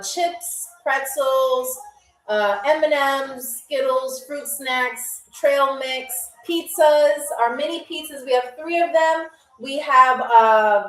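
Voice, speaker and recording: A woman's voice: sits high, a bit bright, roomy sound, recorded from a distance, rough recording. A woman hosting a live online game show in a playful, chatty, teasing way. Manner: chatty, teasing, laughs often.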